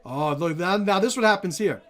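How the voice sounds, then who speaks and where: A man's voice: high-pitched, brisk. Blunt, profane man reacting on camera. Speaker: commentary channel host. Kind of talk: reaction video commentary.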